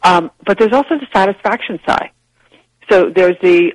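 A woman guest on a radio talk show, explaining ideas in a lively, chatty way and laughing easily. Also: mid-range voice, moderate pace, dry recording, poor audio. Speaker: guest, publishing executive. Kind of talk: casual radio interview.

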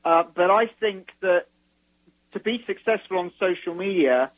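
Guy on a phone line, highish husky voice, explaining things calmly, restarts his sentences. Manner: measured, explanatory, repeats words as he starts. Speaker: guest, marketing author. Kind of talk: interview over the phone. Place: London.

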